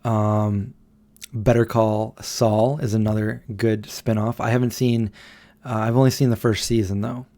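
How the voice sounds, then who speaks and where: A man's voice: lowish voice, flat delivery, unhurried, mellow. A man in his thirties hosting a casual late-night livestream at home, chatting loosely and reading out viewer comments. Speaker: livestream host.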